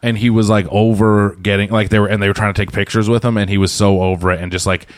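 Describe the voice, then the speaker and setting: A man's voice: on the low side, little pitch movement, fast, clean tone, dry recording, clean studio sound. A man hosting a podcast, telling stories in a rambling, self-correcting way. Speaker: podcast host. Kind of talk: casual chat.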